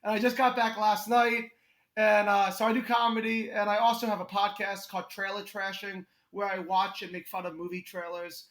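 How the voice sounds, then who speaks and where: A man's voice: high-pitched, flat delivery, normal speed, fairly bright tone. A young man with a New York accent, a guest comedian in a casual podcast chat, telling stories animatedly and laughing often. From Connecticut. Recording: roomy echo.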